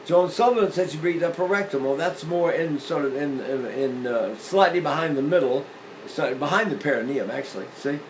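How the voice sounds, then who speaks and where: An older man teaching singing, explaining breathing with lively demonstrations, often repeating and restarting phrases. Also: on the high side, fairly quick, slight background noise, poor audio. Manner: animated, illustrating points with sung demonstrations. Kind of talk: demonstrative vocal lesson.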